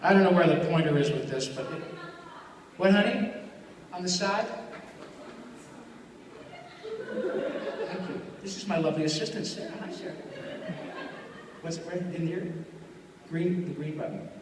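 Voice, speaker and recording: A man talking to a live crowd with a high, bright voice, joking and chatty as he takes questions. He is heard from far off in an echoey hall with a long reverb and a faint hum behind him. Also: a little slow, pauses often. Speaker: voice actor giving a live talk. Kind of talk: live talk with audience Q&A. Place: live venue in front of an audience.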